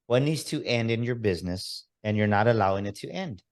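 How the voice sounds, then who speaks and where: A man's voice: lowish voice, lively intonation, brisk, hardly any pauses. A man hosting a motivational podcast, talking straight to his listeners with energy and a preaching tone. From Texas. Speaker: podcast host.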